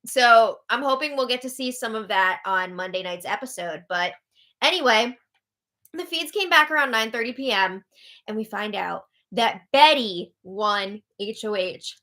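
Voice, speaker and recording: A woman's voice: on the high side, lively intonation, normal speed, bright, forceful tone. A young woman hosting a casual live update show, chatty and tired, laughing often as she recaps. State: tired, yawning. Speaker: host.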